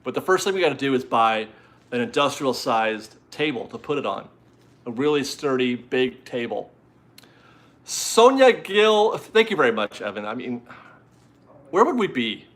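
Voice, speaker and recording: A man's voice: medium pitch, big pitch swings, normal speed, long pauses, a bit bright. A man hosting a casual live stream from home, chatty and rambling as he reads out viewer messages and is easily amused.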